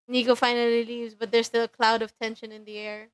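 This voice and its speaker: A young woman streaming a dating game, reading the narration aloud and reacting with excitement and laughter. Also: fairly high pitch, brisk, few pauses, smooth.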